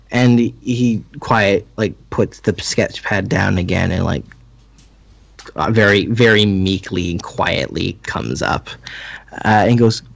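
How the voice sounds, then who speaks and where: A male game master narrates a tabletop game in a loose, casual way, full of fillers and quick self-corrections. His pitch moves around a lot as he talks. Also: lively intonation, creaky.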